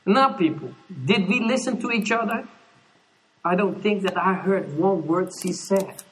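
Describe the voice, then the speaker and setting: A man with a Dutch accent, a native Dutch speaker, preaching a sermon as an animated storyteller who acts out quoted lines. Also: high-pitched, a little slow, reverberant, distant mic, rough recording. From Netherlands.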